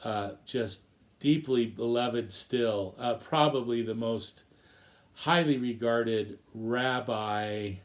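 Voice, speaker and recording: A man teaching a recorded lesson, retelling an old story in a reflective, measured way. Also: mid-range voice.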